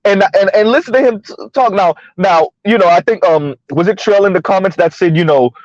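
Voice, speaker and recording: A man's voice: high voice, fairly quick, no room sound, lo-fi sound. A man hosting a casual commentary channel while driving, chatting loosely, laughing often and tagging sentences with "right?". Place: inside a car on the road.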